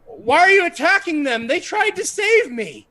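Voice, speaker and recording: A man's voice: big pitch swings, moderate pace, pushed and bright, full character voice. A man voicing a confused male knight who stammers out pleading questions during a tabletop game. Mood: bewildered. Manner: stammering, high and bewildered.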